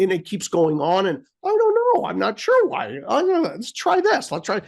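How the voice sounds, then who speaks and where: A man's voice: high-pitched, fairly quick, vocal fry, hardly any pauses. A man from the United States telling a story in casual chat, acting out sounds and his own frustration. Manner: animated, acts out beeps and his own frustration. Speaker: co-host.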